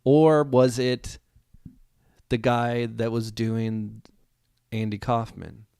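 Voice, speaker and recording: A man's voice: mid-range voice, level tone, slow, gravelly, mellow, clean tone, no echo, studio quality. A man co-hosting a casual film podcast, teasing his co-host with crude jokes and easy laughs.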